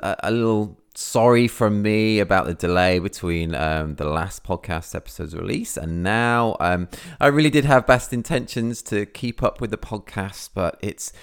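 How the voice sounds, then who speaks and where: A man's voice: lowish voice, clear, resonant tone. A man hosting a podcast from England, a wedding photographer ad-libbing in a casual, rambling way with lots of fillers. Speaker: podcast host.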